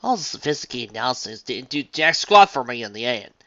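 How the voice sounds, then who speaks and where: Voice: mid-range voice, big pitch swings, a little fast, sharp tone, no echo. Applejack, a reader doing a folksy farm pony mare. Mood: dismissive. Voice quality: folksy southern-style drawl. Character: country farm pony mare, plainspoken and stubborn. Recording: dull lo-fi recording.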